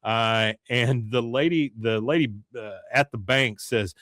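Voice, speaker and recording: A man hosting a podcast, casually retelling a TV episode with lively storytelling. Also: medium pitch, unhurried, few pauses, no echo, studio quality. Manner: animated storytelling, slips into character voices. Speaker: podcast host.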